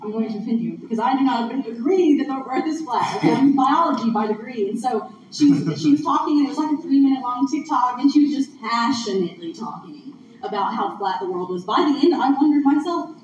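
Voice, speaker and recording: A woman's voice: sits high, expressive, a little fast, hardly any pauses. A woman giving a conversational, earnest sermon at a church gathering, recorded from a distance in a large hall. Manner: conversational, earnest, laughs along with audience. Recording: distant echoey room mic, muffled, noisy.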